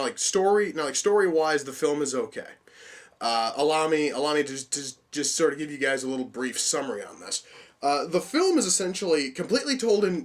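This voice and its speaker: A young man talks through a movie review in a loose, unscripted way. His voice sits a touch high, and he swears often as he circles back and restarts his points. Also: a bit bright. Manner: profane, rambling, with frequent restarts. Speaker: film reviewer. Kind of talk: casual spoken movie review.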